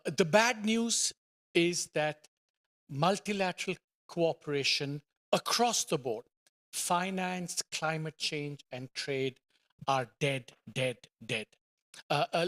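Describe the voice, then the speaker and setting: Halting, emphatic economist, slightly high. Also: male voice, a bit bright. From India. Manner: hesitant starts with many fillers, emphatic repetition. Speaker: economist panelist. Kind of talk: conference panel presentation. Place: conference panel.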